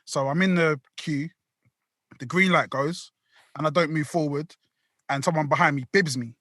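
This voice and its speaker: High, bright-voiced man telling a story. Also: normal speed, dry recording, studio quality. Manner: rambling, full of slang and swearing. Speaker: podcast co-host. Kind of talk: casual storytelling.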